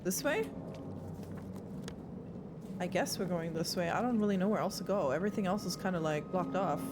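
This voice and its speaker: Her voice sits on the lower side and moves at normal speed as this young woman plays a horror game live, talking casually to her viewers and cursing often. The recording is very noisy.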